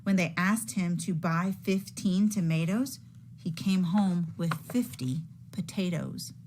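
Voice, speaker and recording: A woman teacher reading a picture book aloud to children in a slow, expressive storytelling manner. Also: lowish voice, slight background noise.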